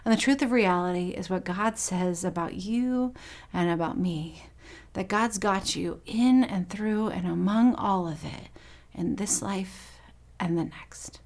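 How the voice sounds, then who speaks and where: A woman's voice: mid-range voice, unhurried. A middle-aged woman pastor giving a sermon, telling personal stories in an earnest way.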